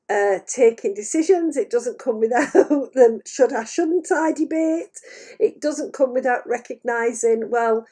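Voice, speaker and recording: Woman psychic medium, wheezy, mellow and unhurried, gentle and hesitant delivery. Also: on the high side. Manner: gentle, hesitant, laughs often mid-sentence. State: wheezy, clearing her chest. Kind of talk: channelled spiritual message on a livestream. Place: at home.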